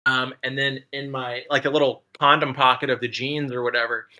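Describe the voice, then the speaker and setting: Male podcast co-host, bright edgy timbre, casual slangy storyteller. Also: mid-range voice, level tone, a little fast, rough recording. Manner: slangy and candid, peppered with "dude" and "like".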